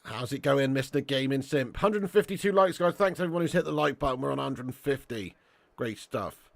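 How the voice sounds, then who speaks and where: A man's voice: mid-range voice, animated, a little fast, vocal fry, no echo. A young man hosting a casual live watch-along, reading chat and bantering with viewers as lad and mate.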